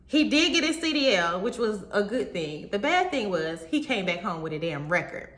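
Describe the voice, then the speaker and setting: A young woman telling a personal story to her viewers in a casual, animated way, talking straight to them. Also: mid-range voice, moderate pace. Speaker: vlogger. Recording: roomy echo.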